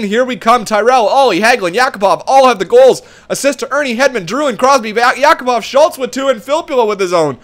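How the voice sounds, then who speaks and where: A young man with a fairly high voice calls the action of his game, narrating play-by-play as he goes. His delivery swings between hushed, tense murmuring and loud bursts of cheering. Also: fairly quick, hardly any pauses. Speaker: gaming commentator. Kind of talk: excited play-by-play game commentary.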